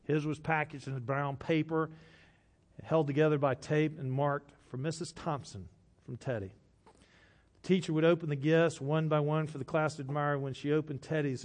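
A man, a pastor delivering a sermon who tells a story and drops to a hush for quoted lines. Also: a little high.

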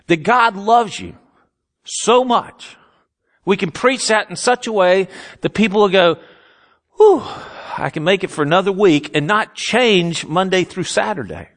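A man's voice: high-pitched, a bit bright. A man preaching a sermon as pastor, earnest and emphatic, with self-mocking humorous asides.

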